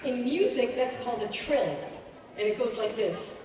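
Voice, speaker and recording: A woman hosting a children's concert, teaching young listeners in a lively, encouraging way, speaking in a large auditorium. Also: a little high, moderate pace, music in the background. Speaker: pianist and children's concert host. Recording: echoey hall from far off.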